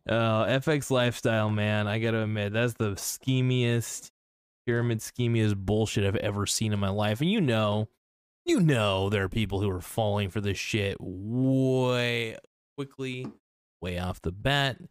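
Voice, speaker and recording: Blunt, rambling man with a low voice. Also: a little slow, clean tone, no echo, clean studio sound. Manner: rambling, blunt, swears freely. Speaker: commentator. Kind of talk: casual reaction commentary.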